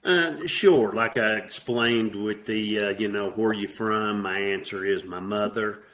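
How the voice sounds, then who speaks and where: Plainspoken Southern man, low voice. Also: a little slow, a bit bright. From American South. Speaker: guest. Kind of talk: casual interview.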